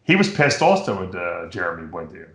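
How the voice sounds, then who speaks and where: A middle-aged man from New York hosting a show, chatting casually and telling rambling, animated stories. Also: deep voice, fairly quick, vocal fry, roomy sound, over a noisy crowd. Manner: rambling, animated storytelling with impressions. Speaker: podcast host. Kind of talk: casual chat.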